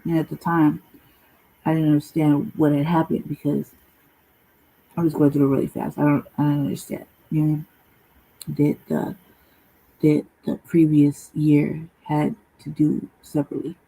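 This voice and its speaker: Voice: mid-range voice, flat delivery, moderate pace, creaky, pauses often, dark tone, slightly rough, poor audio. A channel host telling a long personal story in a casual, profane, rambling monologue full of slang.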